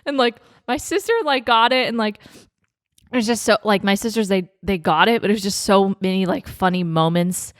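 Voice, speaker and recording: With a medium-pitched, steady voice at a moderate pace, a young woman co-hosts a podcast recorded in studio quality without echo. She shares her wedding story in a casual chat peppered with laughter and frequent "like"s.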